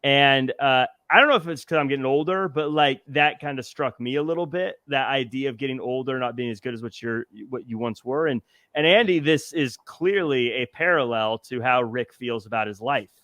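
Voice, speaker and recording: A man's voice: medium pitch, normal speed, few pauses, sharp tone, dry recording, clean studio sound. A man hosting a casual movie review chat, recapping scenes with hesitant restarts. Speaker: podcast host.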